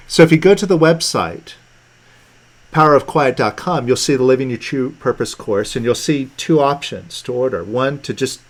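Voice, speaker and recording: A man hosting a live online teaching session, talking in a relaxed, conversational way with fillers and restarts. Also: medium pitch. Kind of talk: casual teaching talk on a video call. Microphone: video call.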